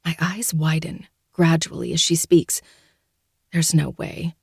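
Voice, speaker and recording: A woman's voice: low-pitched, little pitch movement, a little slow, vocal fry, darkish tone, breathy edge, dry recording. A woman podcast host narrating a novel in the first person, in a dry, sardonic manner. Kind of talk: audiobook narration.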